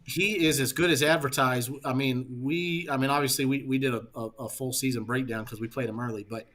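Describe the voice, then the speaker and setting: A man who coaches football, talking through blocking schemes in a halting way and restarting words as he thinks. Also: medium pitch, fairly even intonation, a bit bright. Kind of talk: casual coaching chat.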